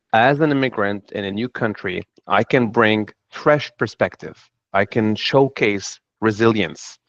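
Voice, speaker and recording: A man's voice: fairly low pitch, dry recording. A middle-aged man from Lebanon with a Lebanese accent, speaking earnestly on a panel about his own path. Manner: earnest, reflective storytelling. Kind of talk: panel talk. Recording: dull dry sound.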